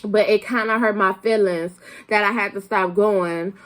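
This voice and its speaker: A woman's voice: medium pitch, fairly even intonation, moderate pace. A young woman vlogger with a slight Southern country accent, chatting casually and rambling with lots of fillers and restarts. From Flint, Michigan, raised in Arkansas. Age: young adult. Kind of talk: casual chat to camera.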